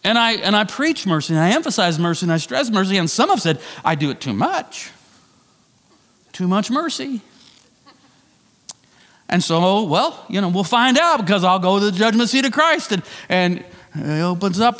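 A middle-aged man preaching a sermon as pastor, conversational and animated, with self-deprecating asides. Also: sits high, moderate pace, long reverb tail. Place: church sanctuary.

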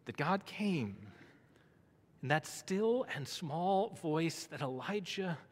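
High-voiced preaching man in a reverberant hall. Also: expressive, slow pace. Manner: rising to emphatic peaks then dropping low and soft; rhetorical questions to the congregation. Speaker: pastor. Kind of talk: sermon. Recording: long reverb of a large hall.

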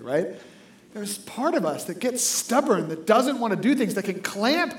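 Speaking briskly in a high voice, a man delivers an animated sermon and keeps checking in with his congregation by asking "right?" The sound echoes as if recorded in a large sanctuary.

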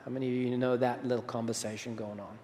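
This pastor talks fast in a medium-pitched, flat, slightly mellow voice, with a bit of hiss or hum present. Preaching in a large hall with long reverb, he keeps it conversational and regularly questions the audience.

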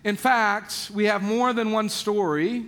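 A man's voice: sits high, fairly even intonation, slow, fairly bright tone. A man preaching a sermon, retelling scripture in a casual storytelling way and acting out the characters in everyday slang. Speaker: pastor.

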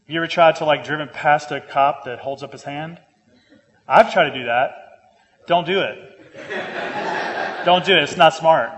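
A man's voice: a little high, a little fast, dull audio. A man delivers a sermon. He speaks earnestly and restates key lines for emphasis. His words ring with a long reverb through a church hall. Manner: earnest, repeats phrases for emphasis, grows lively with humor. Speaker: pastor.

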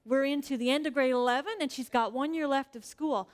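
A woman in her forties speaks to a congregation with earnest, chatty warmth of story. Her voice sits a little high for a woman. She leans on casual fillers as she tells her stories and prays. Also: a little fast. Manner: frequent fillers like "like". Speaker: church speaker. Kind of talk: personal sermon with prayer.

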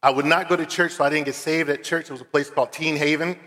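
This guest preacher, a man from Philadelphia, USA, talks fast in a slightly high, steady, fairly bright voice. He tells stories in an earnest, conversational sermon with casual fillers, echoing with long reverb through the church hall.

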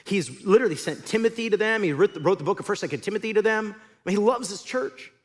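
A man preaching a sermon as pastor, in an animated, conversational storytelling way. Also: high-pitched, fast talker.

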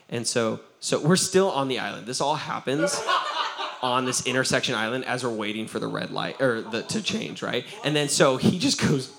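A male pastor telling a personal story in a sermon, animated and laughing, often breaking off and restarting his sentences. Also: mid-range voice, moderate pace. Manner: animated, laughing, self-interrupting.

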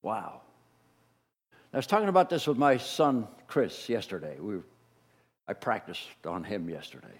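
A middle-aged man preaching a sermon as a pastor, telling the story in an animated way and acting out the voices he quotes. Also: on the low side, moderate pace, pauses often, breathy edge. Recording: long reverb of a large hall.

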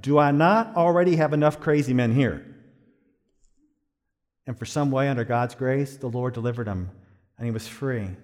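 A middle-aged pastor preaching a sermon, swinging from hushed, slow phrases to loud, high-pitched exhortation. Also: male voice, big-room sound.

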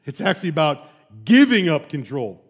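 A man preaching a sermon, emphatic and animated, with loud peaks, soft drops and casual rhetorical asides. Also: fairly high pitch, moderate pace, slightly rough. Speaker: pastor.

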